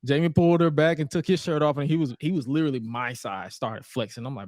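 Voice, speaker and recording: A man's voice: on the high side, fast, dry recording, studio quality. A man co-hosting a podcast, recapping old wrestling shows in casual chat and acting out the wrestlers' lines in playful voices. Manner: animated storytelling with playful put-on quotes. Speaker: podcast co-host.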